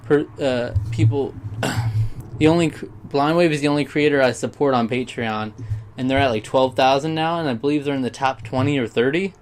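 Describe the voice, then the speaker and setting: A man's voice: mid-range voice, moderate pace, a little hiss or hum. A young man with a mid-range voice talks straight to camera in a loose, rambling vlog. He drifts off track, restarts his thoughts and speaks with open, sincere feeling. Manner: rambling, sidetracked, heartfelt. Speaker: YouTuber. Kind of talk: casual vlog monologue.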